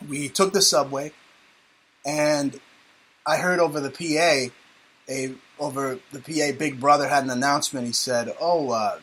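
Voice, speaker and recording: Joking talk radio host. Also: male voice, mid-range voice, steady tone, moderate pace, fairly bright tone, breathy edge, rough recording. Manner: sarcastic, joking, rambling. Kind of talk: casual talk radio banter.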